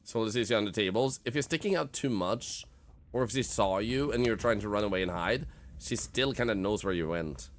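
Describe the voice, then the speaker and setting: A man's voice: fairly low pitch, a little fast. A Swedish man streaming a game in English, rambling and joking with his chat. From Sweden. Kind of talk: casual live-stream chat.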